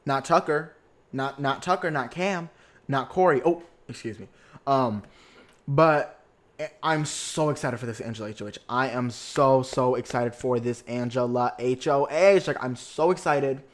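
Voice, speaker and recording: A young man hosting a podcast, recapping a reality show in a sassy, excitable way with lots of slang and swearing. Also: medium pitch, unhurried. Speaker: podcast host.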